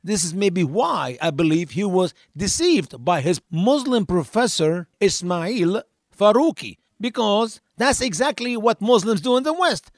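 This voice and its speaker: High, lively-voiced man commentating. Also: unhurried, dry recording, clean studio sound. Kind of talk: commentary over played lecture clips.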